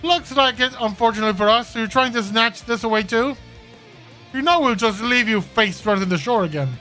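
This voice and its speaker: A man's voice: extremely high pitch, fairly quick, sharp tone, soft background music. A man voicing a blunt, impatient young woman warrior in a fan voice-over of game dialogue, speaking dryly.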